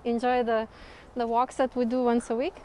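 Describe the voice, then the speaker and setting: A woman's voice: on the high side, little pitch movement, normal speed, warm tone, slight background noise. A woman hosting a vlog, chatting casually and laughing often as she walks up outdoor hillside stairs. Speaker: vlog host. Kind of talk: casual chat while hiking.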